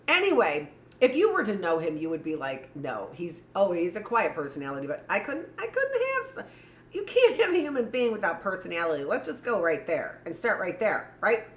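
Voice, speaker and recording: Loud, lively woman teacher, rambling. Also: mid-range voice. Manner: rambling, joking asides to herself. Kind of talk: livestreamed lesson for young children. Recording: echoey room.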